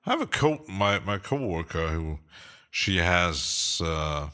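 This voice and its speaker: A man's voice: sits low, big pitch swings, slow pace, pushed and bright. A man casually chatting on a live stream while producing music, rambling and hesitant, often laughing to himself.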